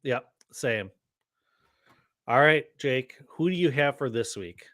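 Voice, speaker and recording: A man's voice: medium pitch, animated, slow pace, bright, forceful tone, no echo. Easygoing man hosting a podcast, dry sound. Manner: easygoing, runs the segments with many fillers. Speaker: podcast co-host. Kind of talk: casual podcast banter.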